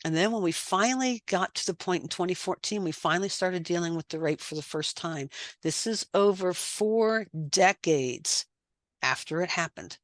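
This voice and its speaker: A woman's voice: lowish voice, lively intonation, moderate pace, no room sound. A middle-aged woman sharing her story as a podcast guest, earnest, repeating phrases for emphasis. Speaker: guest, life coach. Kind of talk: candid personal testimony.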